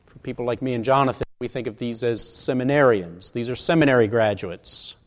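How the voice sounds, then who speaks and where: In a large hall with long reverb, a man in his sixties preaches briskly in a mid-range voice. The pastor keeps a conversational tone and asks rhetorical questions.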